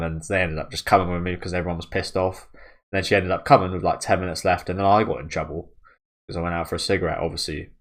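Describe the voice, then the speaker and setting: A young British man giving loose, rambling commentary as he reacts to a manga, swearing freely and laughing at himself. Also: low voice. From Britain.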